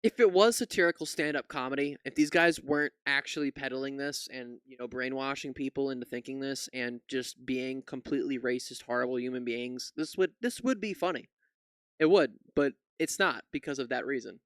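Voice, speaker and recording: Bright, profane ranting man. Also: medium pitch, a little fast, smooth, dry recording, clean studio sound. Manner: ranting, profane, incredulous outbursts. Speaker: political commentary YouTuber. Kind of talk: reaction commentary.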